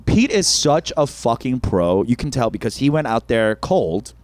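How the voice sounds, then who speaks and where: A man co-hosting a comedy podcast, telling a story in an animated way with frequent laughs and casual swearing. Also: mid-range voice, moderate pace, no room sound. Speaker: podcast co-host, stand-up comedian.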